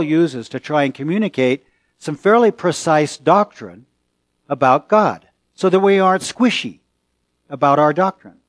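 A male pastor preaching a sermon, slow and deliberate, with pauses and rising emphasis. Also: fairly high pitch, no room sound.

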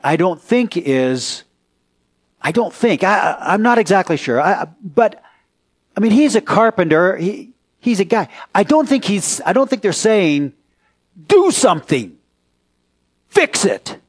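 Slow-speaking man preaching a sermon. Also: sits high, lively intonation. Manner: conversational, asks the congregation questions. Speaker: pastor. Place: church.

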